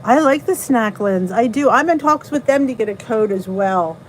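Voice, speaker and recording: A woman's voice: on the high side, animated, moderate pace, a little hiss or hum, poor audio. A middle-aged woman with a New Jersey accent, hosting a casual live stream, chatting, greeting viewers and laughing at herself. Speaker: channel host reading live chat.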